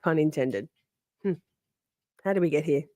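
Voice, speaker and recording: Woman, livestream host, casual chat, lowish voice, sassy, laughs a lot, swears, dry close sound. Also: moderate pace, dark tone, no echo. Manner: chatty, reads viewer comments aloud and answers them.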